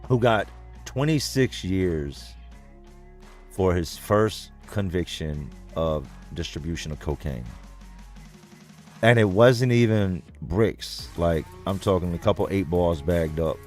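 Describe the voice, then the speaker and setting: Deep-voiced man telling a blunt story. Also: expressive, takes it slowly, a little mellow, faint music behind. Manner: blunt, profane, conversational. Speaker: livestream host reading comments. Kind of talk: casual storytelling to viewers.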